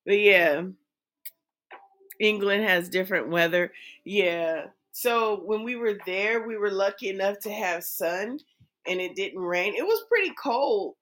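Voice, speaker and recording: An American woman on the East Coast co-hosts a casual chat from home, rambling and laughing easily as she answers. Her mid-range voice is fairly bright and a little slow.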